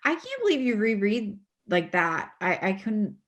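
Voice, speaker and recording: A woman author talking as a guest on a casual podcast, animated and quick to laugh, with many fillers and restarts. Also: mid-range voice.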